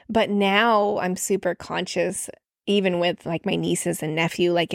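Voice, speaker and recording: A woman in her late twenties telling a personal story in a casual podcast monologue, animated and full of "like" fillers, acting out the voices of people she quotes. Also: lowish voice, dry recording, studio quality. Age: late 20s. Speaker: podcast host.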